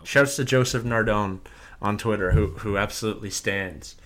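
A man co-hosting a podcast in casual chat, relaxed and hedging his opinions with "like" and "I feel". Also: on the low side, moderate pace. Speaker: podcast co-host.

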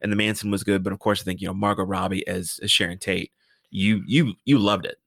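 A man co-hosting a podcast, chatting casually about movies, animated and swearing freely. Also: low-pitched, brisk, vocal fry, no echo, studio quality. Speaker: podcast co-host.

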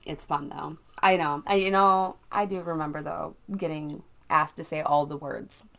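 A woman's voice: low voice, steady tone, normal speed, gravelly, a bit bright. A young woman from Wisconsin with a Wisconsin accent, co-hosting a podcast in casual, giggly chat. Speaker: podcast co-host.

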